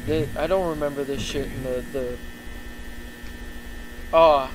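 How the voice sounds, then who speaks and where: A man's voice: medium pitch, fairly even intonation, a little slow, slight background noise. A man hosting a reaction video, swearing and exclaiming in fright as he watches. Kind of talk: casual reaction commentary.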